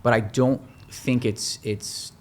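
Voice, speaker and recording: A man's voice: mid-range voice, fairly even intonation, slow pace. A man who works as a hair transplant surgeon, explaining his views in a podcast interview, thinking aloud with frequent restarts.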